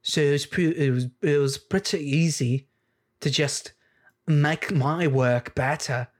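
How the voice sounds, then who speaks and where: Smug, offhand male composer, stammers; a man doing a lightly higher voice. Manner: halting, stammering.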